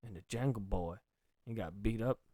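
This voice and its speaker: A man's voice: on the low side, moderate pace, dark tone, no room sound, clean studio sound, voice pushed down, close to an everyday voice. A man voicing a drawling Southern man with a New Orleans accent, dropping his verbs as he teases. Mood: mocking.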